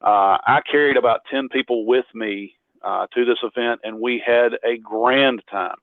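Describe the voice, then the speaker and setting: A man's voice: medium pitch, steady tone, moderate pace, dry recording. Man on a tinny phone line. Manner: rambling, self-deprecating, with frequent restarts. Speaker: guest. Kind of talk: casual storytelling in an interview. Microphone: phone on a call.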